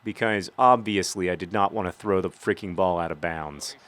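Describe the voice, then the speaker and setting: A man's voice: low voice, normal speed, a bit bright. Rambling man narrating a soccer game. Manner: rambling, self-deprecating, cheers on his team. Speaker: gaming video host. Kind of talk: casual commentary while playing a soccer video game.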